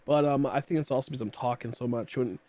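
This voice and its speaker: A man's voice: medium pitch, fast talker, warm tone, no echo. A man in his late twenties chatting casually while streaming a game, rambling with many fillers and coughing now and then. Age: late 20s. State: coughing, throat tickly.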